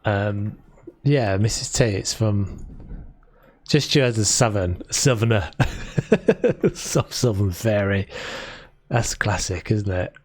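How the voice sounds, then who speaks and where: A man's voice: lowish voice, animated, slow pace, long pauses, dry recording. A man from South London with a London accent, chatting casually and rambling on a live stream while he builds in a game. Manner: chatty and rambling, with frequent restarts.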